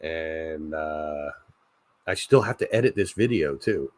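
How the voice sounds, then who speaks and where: A man's voice: a bass voice, expressive, takes it slowly. A man hosting a casual late-night chat stream, rambling and joking, often laughing at his own ideas. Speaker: channel host.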